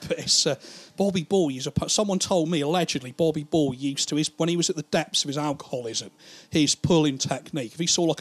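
A man doing stand-up, telling rambling, profane stories and laughing at his own jokes. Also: on the high side. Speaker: stand-up comedian. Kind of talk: stand-up storytelling.

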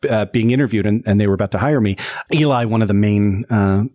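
A man who works as a lawyer for podcasts, a guest telling stories in an animated, self-deprecating way. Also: lowish voice, fast talker. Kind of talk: casual conversation.

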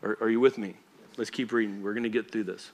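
Pastor preaching in a conversational style. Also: male voice, on the low side, steady tone, fast talker, a little mellow. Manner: conversational and emphatic, often asks the congregation if they follow. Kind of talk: sermon. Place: church.

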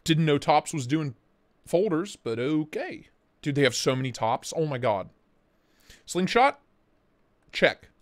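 A man hosting a relaxed livestream chat in a voice a little high for a man. His pitch jumps around in a very lively way. He sounds easily excited and loose, full of slang and the odd curse. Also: a little slow, long pauses. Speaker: livestream host.

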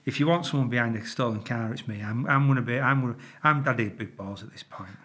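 Here's a fast-talking man with a mid-range voice: a retired traffic police officer from Yorkshire, middle-aged, chatting casually to camera. He swears a lot, acts out noises, stays lively, and stumbles and repeats himself along the way.

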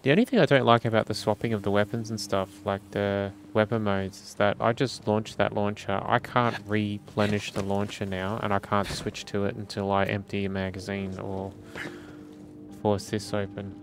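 Gravelly man rambling over gameplay. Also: on the low side, flat delivery, moderate pace, hardly any pauses, background noise. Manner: rambling, thinking aloud about the game. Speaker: gamer playing through a game. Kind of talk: casual let's-play commentary. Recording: game music playing under the voice.

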